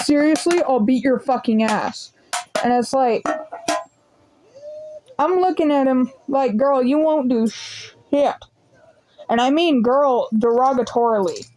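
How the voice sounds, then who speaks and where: A woman's voice: high voice, rough recording. A young woman rambling through a casual storytime vlog, swearing freely as she tells it. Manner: swearing, rambling, animated retelling. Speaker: vlogger.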